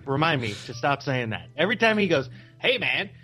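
A man's voice: fairly high pitch, fast talker, soft background music. A man co-hosting a podcast, cracking crude jokes in casual banter. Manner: crude, joking, animated. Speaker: podcast co-host.

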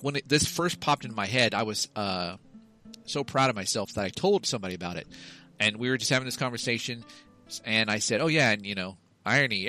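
A man co-hosting a loose comedy podcast, his tone bright and forceful. He rants, swears and wanders into asides. Faint music hums underneath. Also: mid-range voice. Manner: ranting, profane, quick asides. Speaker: podcast co-host. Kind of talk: casual comedy chat.

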